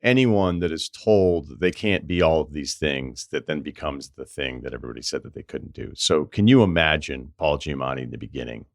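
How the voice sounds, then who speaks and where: A man's voice: very deep voice, fairly quick, hardly any pauses, no room sound, clean studio sound. A man hosting a podcast, talking emphatically in casual interview chat. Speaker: podcast host.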